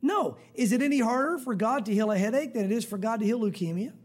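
A man's voice: very high voice, animated, quick pace. Conversational man preaching a sermon. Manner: conversational, acts out prayers and voices with sudden shouts. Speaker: pastor.

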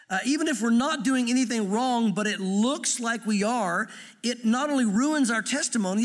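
Man, middle-aged pastor, high-pitched voice, earnest conversational sermon, lingering hall reverb. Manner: earnest, conversational preaching with gentle humor.

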